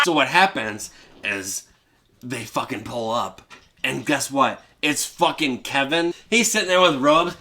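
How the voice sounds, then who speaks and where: A man hosting a comedy show, retelling a holiday movie in a rowdy, profane way and breaking into shouted character voices. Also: medium pitch, measured pace. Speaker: comedy podcast host.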